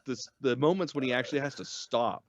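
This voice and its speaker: A man's voice: medium pitch, fast talker, lo-fi sound. A man co-hosting a casual review chat, laid-back and profane, with lots of filler words. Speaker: podcast co-host.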